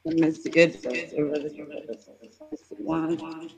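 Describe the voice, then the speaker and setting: A woman's voice: low voice, fairly even intonation, slow pace, darkish tone. A woman with a New Orleans accent calling in, friendly and casual, on a breaking-up phone line. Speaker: caller.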